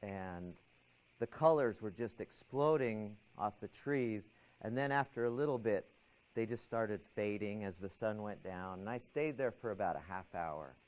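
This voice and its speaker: Animated man telling a story. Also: lowish voice, measured pace, poor audio. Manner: animated, acts out his own anxious thoughts and a calm inner voice. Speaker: lecturer. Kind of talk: classroom storytelling lecture.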